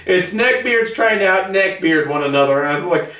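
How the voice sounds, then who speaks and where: Man, profane blunt rant, casual monologue host, slightly high voice, echoey room, distant mic. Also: moderate pace. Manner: profane, blunt, animated ranting. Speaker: hobby channel host. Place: home basement hobby room.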